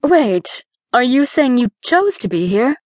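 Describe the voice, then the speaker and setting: A woman's voice: fairly high pitch, very animated, unhurried, darkish tone, no echo, clean studio sound, pitched above the performer's own voice. A woman voicing a tough, guarded young paramedic who speaks bluntly. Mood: wary, curt.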